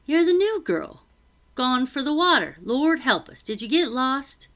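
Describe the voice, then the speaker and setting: Woman doing a scolding middle-aged housekeeper, brisk rough speech, bright loud tone, storybook audiobook. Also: high-pitched, very animated, pitched above the performer's own voice, full character voice.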